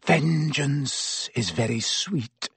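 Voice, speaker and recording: A man's voice: on the high side, very animated, slow pace, gravelly, a bit bright, slightly rough, dry recording, exaggerated voice. A man voicing a cold, vindictive middle-aged male schoolteacher who speaks silkily and hisses. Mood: hushed threat. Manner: silky, hissing, rising to shrieks.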